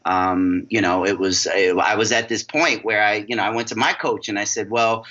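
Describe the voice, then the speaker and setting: Bright, energetic New York man. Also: fairly low pitch, moderate pace, dull audio. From New York City. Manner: energetic, animated storyteller acting out quoted voices. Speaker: guest, success coach. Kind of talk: podcast interview storytelling.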